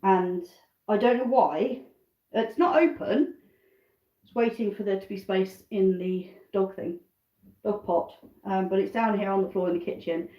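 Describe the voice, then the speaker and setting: Speaking in a mid-range voice, this British backyard chicken keeper chats on a live stream from her kitchen at home, wandering between chores and side comments. The audio is dull and reverberant.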